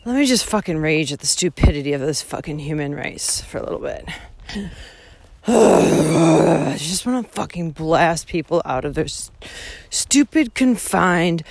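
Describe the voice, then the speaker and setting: A young woman hiking vlogger ranting outdoors into her phone, swearing constantly and swinging between shouting and muttering. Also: low-pitched, animated, measured pace, gravelly. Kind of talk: profane ranting monologue. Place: outdoors on a coastal hiking trail.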